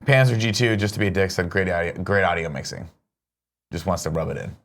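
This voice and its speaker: Low-voiced, teasing male co-host. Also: fast, slight background noise. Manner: teasing, sarcastic banter. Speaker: podcast co-host. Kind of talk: casual chat.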